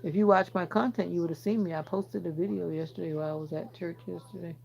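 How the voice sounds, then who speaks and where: Gravelly Jamaican woman chatting on a livestream. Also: on the low side, fairly even intonation, fast, a little mellow, low-quality recording. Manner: chatty, teasing, answers viewers directly. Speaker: livestream host. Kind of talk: casual livestream chat reading comments.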